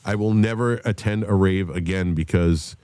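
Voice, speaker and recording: A man tells a story on a podcast, animated and full of swearing. His voice sits fairly low, and the sound is dry and close. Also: moderate pace, smooth, no room sound. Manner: animated storyteller, shouts when acting out others. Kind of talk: profane casual storytelling.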